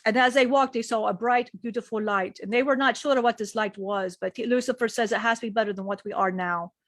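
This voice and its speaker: Woman channeler, fairly high voice, speaks as a male being in slow, repeating storytelling. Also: fairly even intonation, no room sound, clean studio sound. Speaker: spiritual channeler.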